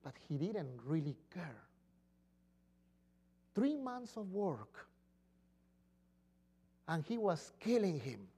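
Male pastor, lively sermon delivery, acts out pleas in voices, wide pitch swings. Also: slow, long pauses, breathy edge.

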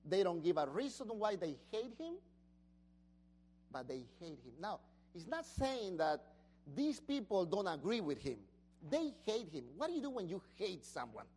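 A woman pastor preaching a sermon, questioning the congregation and shouting out the master's praise. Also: fairly low pitch, sing-song, normal speed, breathy edge.

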